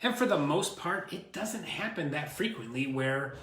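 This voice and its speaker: Co-hosting a casual show, a man who works as a realtor rambles through stories in an animated way. His voice is a little high, his pace moderate, and the recording sounds roomy.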